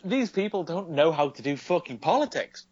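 A man's voice: on the high side, sing-song, moderate pace, darkish tone, slightly rough, no room sound, muffled recording. A man co-hosting a podcast, ranting about politics in heated, sweary casual chat. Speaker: podcast co-host.

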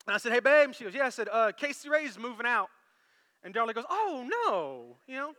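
A man preaching a sermon as pastor, animated and storytelling, acting out quoted lines. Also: very high voice, fairly quick, big-room sound.

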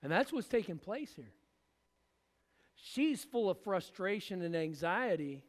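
A man delivers a sermon from the pulpit, his voice unusually high for a man. He acts out the people in the story as he preaches. A long church reverb trails behind every phrase. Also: sing-song, unhurried. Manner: preaching with acted-out voices of biblical figures. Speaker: pastor.

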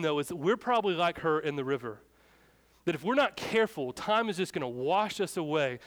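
A young man delivers a sermon in a relaxed, chatty way. His voice sits a little high for a man. He tells stories and plays out the people in them. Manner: casual, storytelling, acts out shouted dialogue. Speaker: pastor.

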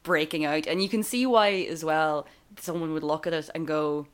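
A woman co-hosting a podcast chats casually about a film, laughing often and trailing off with fillers and restarts. Her voice sits low and she speaks at a moderate pace.

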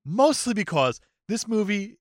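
A man's voice: high voice, sing-song, unhurried, no room sound, studio quality. A man co-hosting a podcast, giving wry, sarcastic commentary in casual chat. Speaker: podcast co-host.

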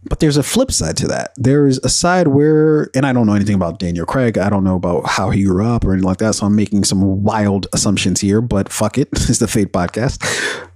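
A man's voice: fairly low pitch, brisk, a little mellow, no echo. A man hosting a podcast in casual solo commentary, rambling and profane, with many fillers and bursts of animation. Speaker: podcast host.

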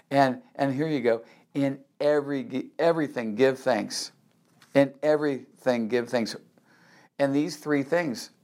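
A male pastor delivering a sermon at a medium pitch. He repeats key phrases with emphasis and keeps checking in with a rhetorical "yes?". His delivery moves between slow, weighty stretches and quick asides. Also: a little mellow.

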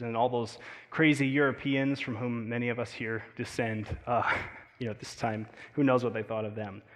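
A man with an American accent preaching a sermon, talking in a conversational, animated way with frequent fillers and asides. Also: mid-range voice, big-room sound. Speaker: pastor.

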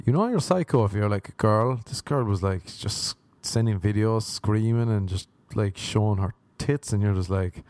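Rambling Irish comedian, dry close sound. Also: male voice, lowish voice, moderate pace, no echo. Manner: rambling, deadpan, self-mocking. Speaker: stand-up comedian and podcast host. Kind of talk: casual podcast outro.

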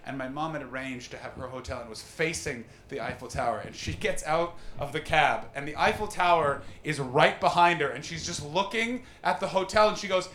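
A man's voice: a little high, a little fast, few pauses, a little hiss or hum. Brash stand-up comic man in an echoey room. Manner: animated storytelling, mocking crowd work with put-on voices. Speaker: stand-up comedian. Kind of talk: stand-up comedy set. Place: comedy venue with live audience. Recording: roomy live venue echo.

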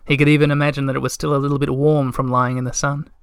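A man narrating a storybook in a calm, measured way. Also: mid-range voice, clear, resonant tone, no room sound, clean studio sound. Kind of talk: audiobook narration.

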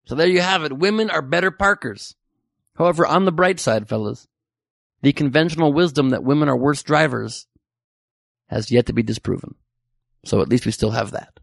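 Sarcastic male podcast host, high-pitched, gravelly, profane news riffs, dry close mic. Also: very animated, moderate pace, a bit bright, no room sound. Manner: sarcastic, profane, riffing on headlines. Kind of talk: comedic news commentary.

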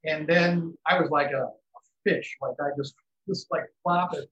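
A man's voice: fairly high pitch, steady tone, a little slow, fairly bright tone, a little hiss or hum. A man reflectively recounting a near-death experience in an interview, rambling a little. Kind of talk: casual storytelling. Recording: dull lo-fi recording.

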